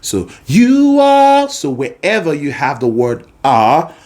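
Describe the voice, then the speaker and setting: Slow-talking male vocal coach. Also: mid-range voice. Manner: explains patiently with sung demonstrations. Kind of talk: singing lesson.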